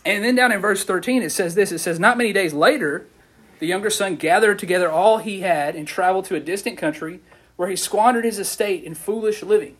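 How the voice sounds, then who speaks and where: A preacher man with a high, husky voice talks through a sermon in a casual, animated way. He keeps the audience involved with questions and quick asides. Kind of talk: casual sermon to a youth group.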